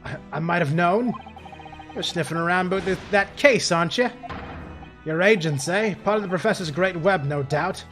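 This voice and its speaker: A man voicing a gruff, suspicious Scottish male prison governor in a hostile, threatening brogue, reading game dialogue aloud. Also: sits high, moderate pace, fairly bright tone, soft background music.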